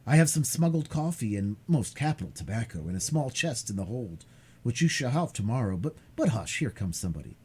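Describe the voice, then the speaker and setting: A man reading aloud, voicing an eager, impulsive young sailor who speaks with excited emphasis. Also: mid-range voice, a little fast, slightly rough. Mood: earnest. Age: young adult.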